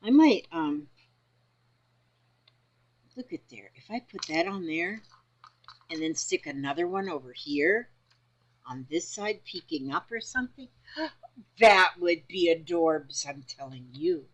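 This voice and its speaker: A woman's voice: deep voice, expressive, unhurried, pauses often, husky, muffled recording. A woman chatting casually about her quilting fabric, rambling and talking half to herself. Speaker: crafting vlogger. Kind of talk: casual crafting vlog.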